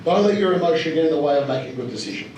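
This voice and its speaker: A fairly high-voiced Australian man tells stories to a crowd in a chatty, blunt way, full of fillers and voiced-out quotes. He sounds a little way off from the mic, and the large room gives his voice a heavy echo with a faint hum under it. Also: animated, racing, a little mellow. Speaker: speaker at an investor evening. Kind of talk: casual storytelling talk to an audience. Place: large room at a live event. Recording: roomy echo, speaker heard from some distance, faint background hum.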